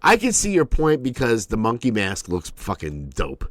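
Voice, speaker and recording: A man's voice: medium pitch, wildly swooping pitch, normal speed, fairly bright tone, dry recording. A man co-hosting a podcast in casual chat, laid-back and jokey, with lots of "um" and "you know". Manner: laid-back, joking banter with frequent fillers. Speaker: podcast co-host.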